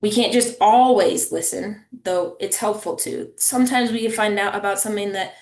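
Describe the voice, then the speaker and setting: A woman's voice: mid-range voice, normal speed, reverberant. A woman presenting a family engagement webinar over a video call, talking in a conversational way and checking in with listeners. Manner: warm, conversational, checks in with "right?" and "okay?".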